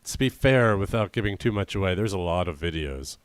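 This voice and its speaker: A man's voice: low-pitched, animated, brisk, dry recording. Teasing, theatrical quizmaster man. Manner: teasing, theatrical, swings from mock-stern to shouting. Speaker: podcast co-host, quizmaster. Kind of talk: casual banter.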